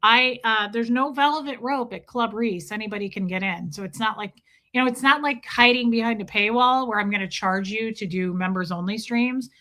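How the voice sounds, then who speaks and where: A woman hosting a livestream in casual chat, playful and loud, her voice going a little hoarse. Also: a little high, normal speed. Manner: playful, sings along loudly between chatter. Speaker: livestream host.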